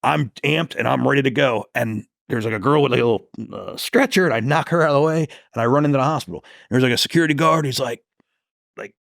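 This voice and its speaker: A man's voice: medium pitch, fast, creaky, a bit bright, no room sound, clean studio sound. A man who works as a police detective, telling a story as a podcast guest in a casual, profane way and acting out the lines he quotes.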